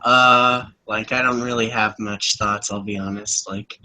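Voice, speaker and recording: A man's voice: lowish voice, fairly even intonation, measured pace, bright, forceful tone, poor audio. A young man in a casual group chat on a call, loose and rambling, laughing easily.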